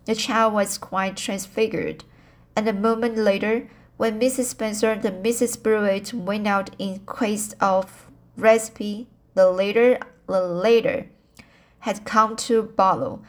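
A woman narrating an amateur audiobook in a halting way, often restarting words. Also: mid-range voice, steady tone.

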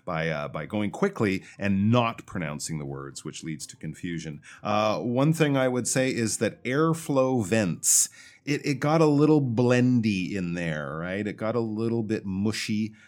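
A man teaching English pronunciation, patiently explaining feedback on listener recordings and slowly drawing out words to demonstrate them. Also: lowish voice, expressive, a little mellow.

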